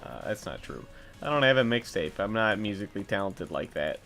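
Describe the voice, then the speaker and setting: A man's voice: lowish voice, sing-song, fairly quick, gravelly, pushed and bright, faint music behind. A young man giving casual, rambling gameplay commentary, swearing often and joking at his own expense. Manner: rambling, self-deprecating, swears a lot. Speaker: let's play commentator.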